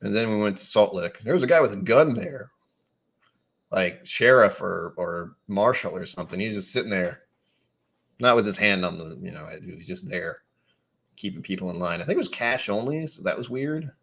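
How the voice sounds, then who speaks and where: A man from New England chatting casually on a live stream. He reads out viewer comments and rambles along with wry, sudden animated asides. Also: lowish voice, moderate pace, vocal fry.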